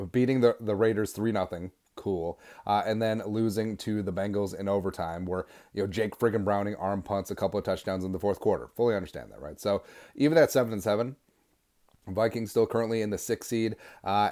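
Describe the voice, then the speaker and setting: A man hosting a sports podcast, delivering an energetic, sarcastic fan rant. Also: fairly low pitch. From Minnesota. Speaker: podcast host.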